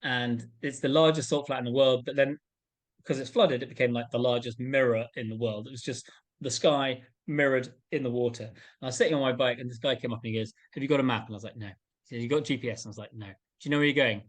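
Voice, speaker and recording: A man being interviewed, telling his adventure stories in a casual, animated way and acting out the voices of people he met. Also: quick pace. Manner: animated, acts out quoted voices with big pitch jumps. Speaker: interview guest, endurance adventurer.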